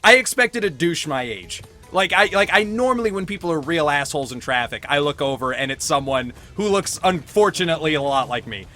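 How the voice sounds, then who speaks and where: Young guy ranting a story over a game, swearing a lot, voice jumps all over, bit high, faint game music behind. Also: fairly quick, hardly any pauses. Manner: animated storyteller, swears freely. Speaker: co-host playing a game. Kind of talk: casual chat while gaming.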